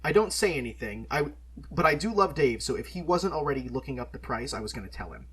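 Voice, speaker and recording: A young man co-hosting a podcast, telling an anecdote with animated energy, laughing often and swearing casually. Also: mid-range voice, quick pace, breathy edge. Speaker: podcast co-host.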